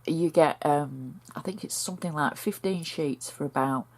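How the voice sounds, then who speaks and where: A woman's voice: deep voice, moderate pace, darkish tone. A woman with a northern English accent talking through a card-making project step by step in a chatty, homely way. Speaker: crafter demonstrating a card project. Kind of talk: step-by-step craft tutorial.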